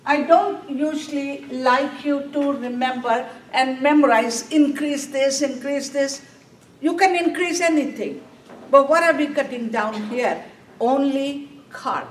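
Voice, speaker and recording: A woman's voice: high voice, measured pace. A woman teaching a nursing exam class, asking questions and answering them herself. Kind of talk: classroom lecture. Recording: echoey classroom from a distance, faint room noise.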